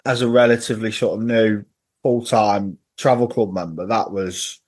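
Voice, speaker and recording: A man's voice: lowish voice, fairly even intonation, normal speed, a little mellow. A man in casual podcast chat, telling funny stories as a football-fan guest and laughing at his own tales. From England.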